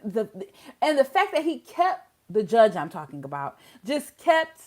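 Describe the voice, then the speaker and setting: A woman hosting a casual legal commentary vlog, talking bluntly and swinging from loud outbursts to quiet asides. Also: fairly high pitch, very animated, moderate pace. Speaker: host of a legal commentary channel.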